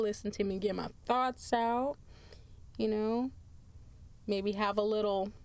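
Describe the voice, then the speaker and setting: Tired lady chatting on her own podcast, slow unhurried talk, lots of little laughs. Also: a little high, a little mellow, no echo. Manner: chatty, laughs often, drifts into asides. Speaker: podcast host. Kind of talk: casual solo podcast chat.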